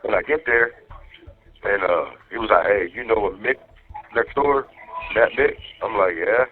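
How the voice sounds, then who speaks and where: A man's voice: lowish voice, unhurried. A man on a phone call to his wife, telling stories in a loose, profane way and acting out what other people said. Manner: profane, animated storytelling, acting out others' lines. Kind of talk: casual phone chat. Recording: tinny phone line.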